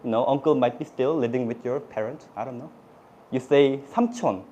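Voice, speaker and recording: A middle-aged man with a Korean accent, whose first language is Korean, teaching Korean words to a class in a lively way. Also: mid-range voice, quick pace, slight background noise. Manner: animated, switches into cute playful put-on voices for examples.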